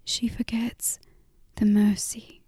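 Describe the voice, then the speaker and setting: A woman in a whispered role-play, voicing a calm, knowing middle-aged mother who speaks quietly. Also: medium pitch, slow pace, slightly rough, dry recording, clean studio sound.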